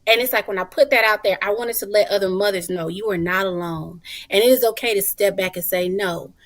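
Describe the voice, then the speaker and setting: Brief: female talk show guest, a mom, lively and warm-hearted delivery with terms of endearment, close and dry sound. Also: mid-range voice, fairly quick, no echo. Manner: animated and expressive, laughs often, calls listeners honey and child. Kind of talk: casual talk show conversation.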